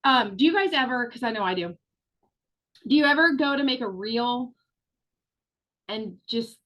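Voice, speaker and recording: A woman's voice: a little high, animated, normal speed, bright, forceful tone, highs cut off. Chatty, upbeat woman coaching online. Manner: chatty, encouraging, frank with mild swearing. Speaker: business coach. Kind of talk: live online training talk.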